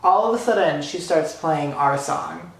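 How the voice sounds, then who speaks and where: A young man vlogger excitedly retelling a fan encounter story, gushing and breathless, full of fillers. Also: a little high, unhurried. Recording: very echoey room.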